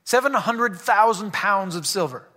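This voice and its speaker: High, bright-voiced preacher in a reverberant hall. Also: male voice, animated, a little slow. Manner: conversational, joking asides between scripture readings. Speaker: pastor. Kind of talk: sermon.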